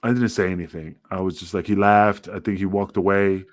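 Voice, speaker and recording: Low-voiced man telling rough stories. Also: steady tone, fairly quick, no room sound. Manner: profane, rambling, acts out quotes in a higher voice. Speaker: former wrestler guest. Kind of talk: casual podcast storytelling.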